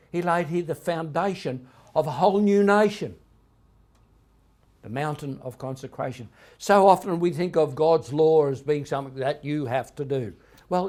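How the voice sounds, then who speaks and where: A man preaching a sermon in a church, telling stories with emphatic swings in loudness. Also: a little high. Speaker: pastor.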